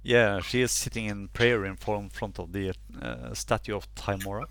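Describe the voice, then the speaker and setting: A man narrating as game master over an online call, halting and full of "uh" fillers. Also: fairly low pitch, steady tone, a bit bright, no echo.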